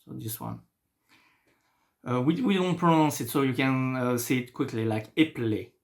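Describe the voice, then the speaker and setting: A young man with a French accent, a native French speaker explaining a beginner French lesson in English in a lively, encouraging way. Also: medium pitch, moderate pace. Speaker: French teacher.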